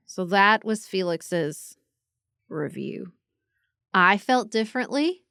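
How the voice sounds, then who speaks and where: A woman's voice: mid-range voice, animated, slow pace, bright, forceful tone, smooth, no room sound, clean studio sound. A woman, co-hosting a podcast and chatting in a casual way, telling travel stories and acting out the people she met. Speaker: podcast co-host. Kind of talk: casual chat.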